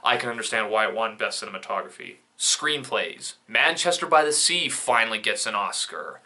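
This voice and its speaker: Bright-voiced opinionated young man reviewing films. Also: fairly low pitch, animated, moderate pace. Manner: opinionated, sarcastic asides. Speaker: film reviewer. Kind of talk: casual video commentary.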